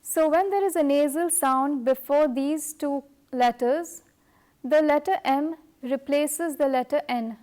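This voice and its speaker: Middle-aged female language teacher, high voice, deliberate unhurried delivery. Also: darkish tone. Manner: slow, careful, measured delivery. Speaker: French teacher. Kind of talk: scripted language lesson.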